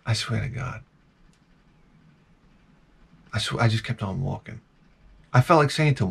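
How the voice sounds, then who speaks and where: A man's voice: on the low side, expressive, brisk, creaky, fairly bright tone, slightly rough. A man vlogging in a casual, rambling monologue, telling wry stories full of "like"s and restarts. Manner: meandering, wry storytelling with many "like"s.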